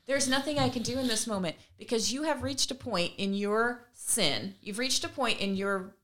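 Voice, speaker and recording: Bright-voiced woman on a podcast telling a story, acting out what everyone said. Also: a little high, moderate pace. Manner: animated, acts out remembered conversations with laughs. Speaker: podcast co-host and mother. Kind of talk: casual storytelling chat.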